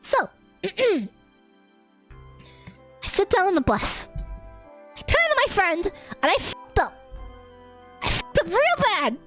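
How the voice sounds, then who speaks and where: A young woman streamer telling a story in an animated rant, giggling, exasperated and swearing casually. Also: extremely high pitch, slow pace, pauses often. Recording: faint music behind.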